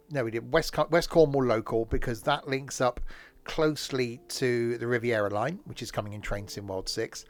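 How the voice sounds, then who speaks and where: A hoarse man chatting casually as he streams a train game, rambling with plenty of fillers and self-corrections. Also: mid-range voice. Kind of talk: casual live-stream commentary.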